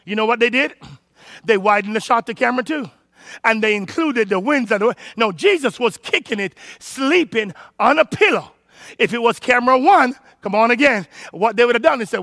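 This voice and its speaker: A man pastor, preaching an animated sermon and calling out to his congregation. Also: extremely high pitch, a little fast, no room sound. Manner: animated preaching, calls to the congregation, rises to shouts.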